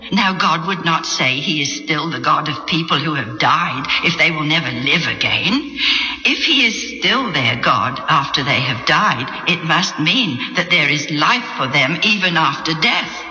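Man narrating a Bible story brightly. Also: on the high side, a little slow, reverberant, long reverb tail, soft background music, poor audio. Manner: reads with lively character voices.

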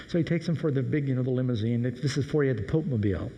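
A man preaches in a relaxed, anecdotal storytelling way. His voice is mellow and dark, and a long hall reverb trails behind every phrase. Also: mid-range voice, very fast. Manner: conversational, anecdotal. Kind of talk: sermon storytelling.

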